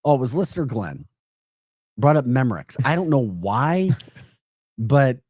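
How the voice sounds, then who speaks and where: A man hosting a morning radio show in a casual, joking way, speaking with a St. Louis Midwestern accent. His voice is mellow and dark. The sound is dry and close to the mic. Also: mid-range voice, measured pace, dry recording. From St. Louis, Missouri. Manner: chatty, joking, animated asides.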